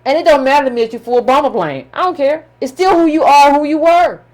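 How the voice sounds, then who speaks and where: A woman's voice: high-pitched, fast, darkish tone. A woman giving impassioned political commentary, emphatic and scolding, with colloquial phrasing and repetition.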